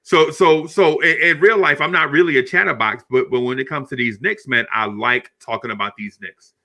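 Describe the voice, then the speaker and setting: A middle-aged man hosting a podcast. He tells a story in a casual, animated way, laughs often and keeps repeating words. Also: mid-range voice, normal speed. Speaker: podcast host.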